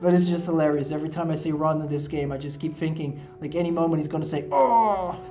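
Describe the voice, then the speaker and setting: Man, let's play commentary, rambling, filler-heavy, slightly high voice, faint music behind. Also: flat delivery, fast, warm tone. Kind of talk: casual gameplay commentary.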